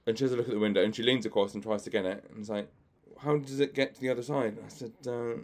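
Male magician hosting a podcast; mid-pitched, chatty storyteller who laughs a lot and acts out other people's lines. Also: fairly even intonation, rapid-fire, a little mellow. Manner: chatty, laughs often, many fillers.

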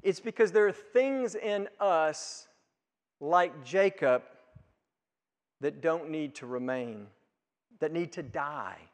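A man's voice: a little high, lively intonation, slow pace, long pauses, in a large hall. A man preaching a sermon as pastor, with emphatic rises and drops as he quotes scripture.

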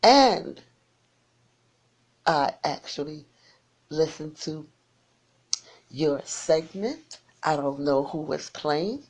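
Slow-talking low-voiced woman radio host. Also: a little mellow, slightly rough. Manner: folksy, repeats sign-off phrases, blunt. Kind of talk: casual radio chat with callers.

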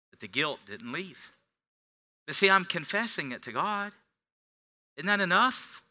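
A middle-aged male pastor preaching a sermon, swinging between quiet confession and loud, forceful preaching. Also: a little high, sing-song, a little slow, long pauses.

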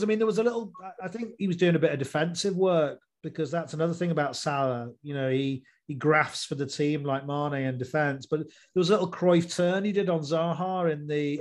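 A man hosts a relaxed football chat, his voice sitting a little higher than most. He rambles on, piling up fillers and restarting his sentences as he goes. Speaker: podcast host.

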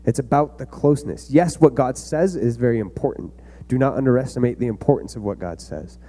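A young youth pastor gives an earnest, conversational sermon to a room of kids, using fillers as he goes. His voice is medium-pitched, mellow and fairly quick.

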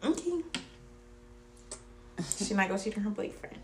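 A young woman co-hosting a podcast, loud, laughing and profane in casual chat. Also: mid-range voice, animated, moderate pace. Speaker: podcast co-host. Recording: roomy echo, faint hum.

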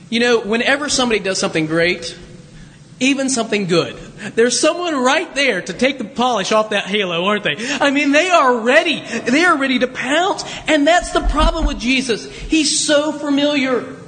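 A man's voice: very high-pitched, animated, normal speed, a bit bright, big-room sound. A man preaching a chatty, conversational sermon as pastor, with folksy asides to his congregation. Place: church sanctuary.

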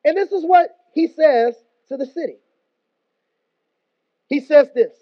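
A man's voice: extremely high pitch, measured pace, no room sound. A man preaching a sermon in an emphatic, conversational way with slangy asides. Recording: dull, dry close recording.

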